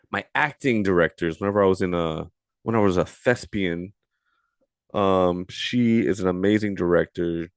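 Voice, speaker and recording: A man in his thirties with a lowish voice rambles through his podcast intro, giggly, profane and quick to laugh at himself. The sound is dry and close, with no room around it. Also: smooth, dry recording. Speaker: podcast host. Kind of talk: casual solo intro.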